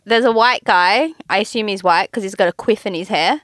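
A woman co-hosting a podcast in casual chat, quick and indignant. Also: mid-range voice, fairly bright tone, no echo, clean studio sound. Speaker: podcast co-host.

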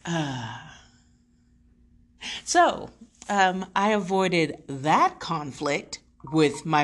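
Animated chatty woman vlogging. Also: sits low, extremely slow, long pauses. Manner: chatty, self-deprecating, swings from hushed to excited. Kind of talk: casual video diary. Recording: faint background noise.

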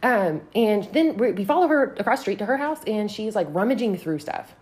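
A woman's voice: mid-range voice, lively intonation, a little fast, a little mellow. A young woman from Texas telling a story in casual, profane chat and acting out the voices in quotes.

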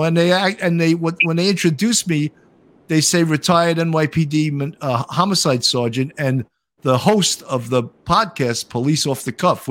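A man's voice: a little high, a bit bright. An older man hosting a casual podcast chat, rambling and repeating words as he starts his sentences. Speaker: podcast host.

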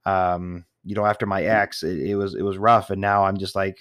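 Speaking at normal speed in a deep, somewhat bright voice with a flat delivery, a man tells rambling personal dating stories, full of restarts, laughs and the occasional curse. There's no room sound.

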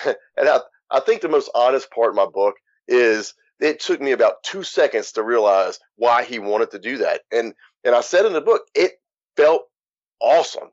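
A frank, outspoken man tells his story in a very lively voice that rises and falls widely. The recording is dull and lo-fi. It sounds dry, with no room in it. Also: mid-range voice, moderate pace, no room sound. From Louisiana. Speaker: guest, author. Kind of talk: candid interview.

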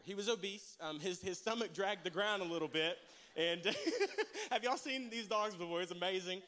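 High-pitched guy preaching in church, funny storytelling, keeps asking the crowd stuff. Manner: storytelling, animated, jokes with the congregation. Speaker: pastor.

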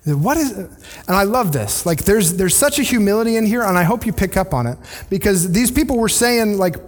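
A man's voice: sits high, animated, fairly quick. A male pastor preaching a conversational sermon in a church, often restarting his sentences and acting out quoted voices. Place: church sanctuary.

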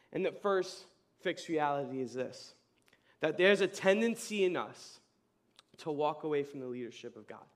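A young man preaching a casual youth sermon, telling stories in slang with a voice that leaps up high and loud. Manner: animated storyteller, casual slang, voice jumps high and loud in retold scenes. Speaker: youth pastor.

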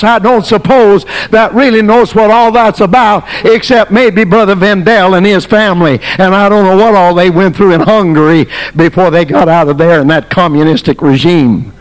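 A man preaching a sermon as pastor, telling a story dramatically, swinging from shouts to near whispers. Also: high-pitched, moderate pace, hardly any pauses. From United States.

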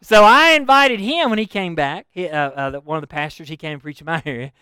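Folksy preacher, high clear voice. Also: male voice, a little fast, no echo, studio quality. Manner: folksy, animated storytelling with laughs. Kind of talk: sermon.

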